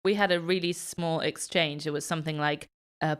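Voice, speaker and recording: A young woman from Italy, a native Italian speaker, co-hosting a radio show and telling a lively personal anecdote with frequent laughs. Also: low voice, brisk, smooth. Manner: animated storytelling, laughing often. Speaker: co-host. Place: radio studio.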